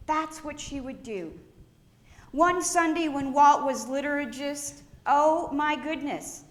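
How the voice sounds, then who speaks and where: High bright woman pastor, slow and echoey. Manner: warm storytelling with gentle laughs. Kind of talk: funeral eulogy. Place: church sanctuary. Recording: echoey church room.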